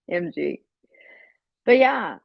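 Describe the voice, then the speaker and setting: A woman's voice: medium pitch, sing-song, extremely slow, gravelly, breathy edge, no room sound, dull audio. A woman hosting a casual livestream, rambling and swearing as she talks straight to her viewers. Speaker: livestream host. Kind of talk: casual live-stream chat.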